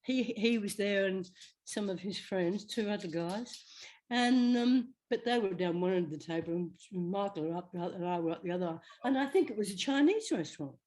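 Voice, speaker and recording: An older woman, an actress guest telling chatty, animated stories in an interview. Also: medium pitch, fairly quick. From Australia. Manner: chatty, animated, slips into quoted voices. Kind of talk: anecdotal storytelling.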